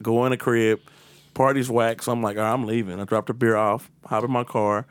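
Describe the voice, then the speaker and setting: A man telling a story in casual chat, animated and profane, loudly acting out his own outbursts. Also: mid-range voice, normal speed, smooth, no echo.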